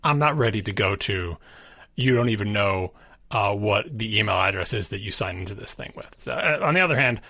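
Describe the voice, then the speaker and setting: A man co-hosting a podcast, talking casually about tech, emphatic, with his pitch jumping up on stressed words. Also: lively intonation, a little fast, vocal fry, sharp tone, no echo, studio quality. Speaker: podcast co-host.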